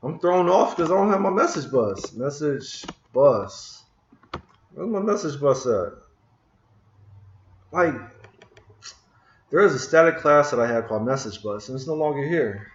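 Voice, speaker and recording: A man's voice: fairly high pitch, lively intonation, unhurried, long pauses, reverberant, highs cut off. A man casually talking through code on his computer, muttering to himself in frustration as he searches for a missing tool. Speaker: programming screencast host. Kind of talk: casual live coding talk. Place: room at a computer. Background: keyboard typing and clicking.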